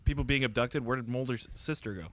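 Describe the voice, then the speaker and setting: A man in casual podcast chat, arguing points in a deadpan way. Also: medium pitch, quick pace. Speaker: podcast co-host.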